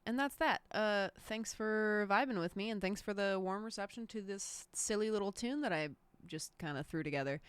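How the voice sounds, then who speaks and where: A woman's voice: mid-range voice, clear, resonant tone, dry recording. A woman musician on a livestream chatting about how she produced her song, casual, self-deprecating and swearing freely. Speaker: musician streaming a production breakdown.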